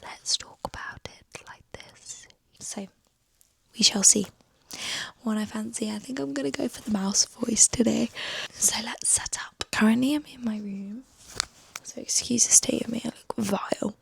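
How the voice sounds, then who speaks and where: Chatty woman with heavy vocal fry. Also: mid-range voice, noisy background. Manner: chatty, upbeat. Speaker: vlogger. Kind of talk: casual vlog chat. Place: her bedroom.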